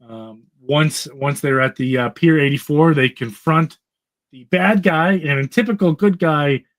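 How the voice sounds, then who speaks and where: A man with a slightly raised pitch casually recaps a vintage comic book for his podcast co-hosts. He rambles through the plot with fillers and chuckles at its campy moments. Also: unhurried. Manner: rambling, laughing, acts out characters' lines. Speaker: podcast co-host.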